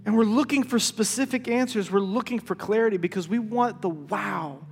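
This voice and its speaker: A male pastor with a notably high voice preaches in a church hall, and his words ring on in the long reverb while faint music plays beneath. He tells stories with lively energy, then drops to a hush when he drives a point home. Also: moderate pace, hardly any pauses. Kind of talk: sermon.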